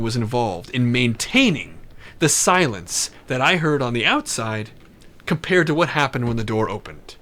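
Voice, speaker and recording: A young man telling a story in a casual, animated way, full of fillers and restarts. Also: mid-range voice, normal speed. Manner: animated, chatty, many fillers.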